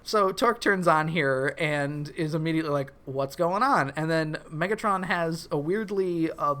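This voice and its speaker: A man's voice: fairly high pitch, normal speed, pushed and bright, clean tone. A man co-hosting a podcast, recapping a cartoon episode in casual, wry chat that often breaks into chuckles. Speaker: podcast co-host.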